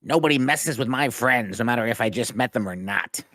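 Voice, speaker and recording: A man voicing a young male monk who fiercely protects his friends, in a low, growly tone. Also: fairly quick, a bit bright, no room sound, studio quality, lightly acted. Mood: defiant.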